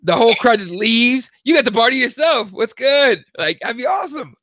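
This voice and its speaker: A young man co-hosting a podcast, talking casually in an animated, profane way and acting out quotes. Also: very high voice, moderate pace, dry recording. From Mexico. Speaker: podcast co-host. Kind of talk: casual opinion chat.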